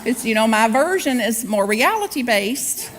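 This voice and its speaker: A woman's voice: a little high, very animated, moderate pace, heavy background noise. A woman guest speaker giving a humorous spiritual sermon in a church, acting out quotes and laughing often. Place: church sanctuary.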